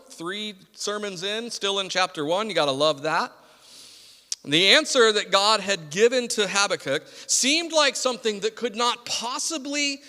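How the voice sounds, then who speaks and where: A man's voice: high-pitched, pushed and bright. A man with an American accent preaching a sermon as pastor, mixing announcements and casual, self-deprecating asides to the congregation. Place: church sanctuary. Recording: long hall reverb.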